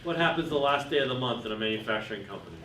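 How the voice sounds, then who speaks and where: A man tells business stories at a workshop and keeps asking his listeners questions. He speaks at a middle pitch. He sounds set back from the mic in a roomy hall with a faint hum behind him. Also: expressive, very fast, pushed and bright, distant mic. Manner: tells anecdotes and asks the audience questions. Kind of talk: workshop talk with told stories. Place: room with a live audience.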